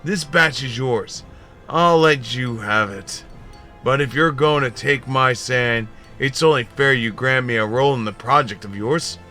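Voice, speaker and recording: A man voicing a friendly, talkative engineer who explains plans in an easygoing, deliberate way. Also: mid-range voice, sharp tone, faint music behind.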